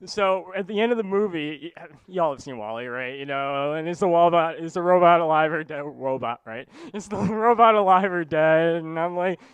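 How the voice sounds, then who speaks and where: A man's voice: a little high, normal speed, clear, resonant tone, dry recording, dull audio. A man telling a funny personal story to a live audience in a casual, rambling way, full of "like" and "you know.". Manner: casual, rambling, heavy use of "like".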